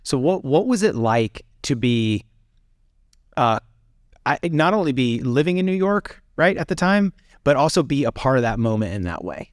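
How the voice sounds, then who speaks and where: A man's voice: mid-range voice, sing-song, normal speed, no room sound, clean studio sound. A man hosting an interview, recapping events and prompting his guest to tell more. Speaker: interview host. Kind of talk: interview questions.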